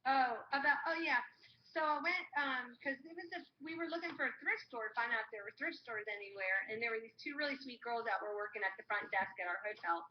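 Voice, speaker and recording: A woman's voice: fairly high pitch, fast, echoey room. A woman co-hosting a live stream, telling a rambling travel story with quoted voices. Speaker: co-host. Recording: dull lo-fi live stream audio with faint noise.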